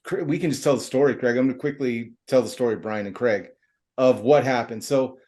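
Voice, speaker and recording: A man's voice: medium pitch, fairly quick, a little mellow. A middle-aged man hosting a podcast, chatting casually and telling a rambling story full of fillers and slang. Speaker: podcast host.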